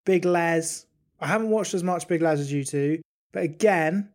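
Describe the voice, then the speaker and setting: A man's voice: fairly high pitch, moderate pace, a little mellow. A man in casual podcast chat, rambling and hesitant, mocking himself. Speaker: podcast co-host.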